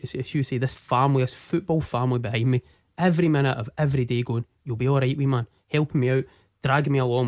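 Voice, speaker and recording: A Scottish man in his forties tells his own story in a dry, close-sounding recording. He speaks earnestly and haltingly, stumbling over and repeating words as he goes. His voice sits at a middle pitch. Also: darkish tone, no room sound. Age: 40s. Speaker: interview guest. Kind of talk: personal storytelling.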